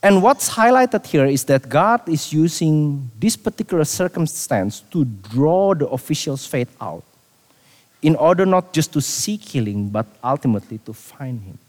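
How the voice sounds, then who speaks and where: Animated male preacher in an echoey hall. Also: on the high side, moderate pace. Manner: animated preaching with repetitions, dropping to quiet for emphasis. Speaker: pastor. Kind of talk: sermon.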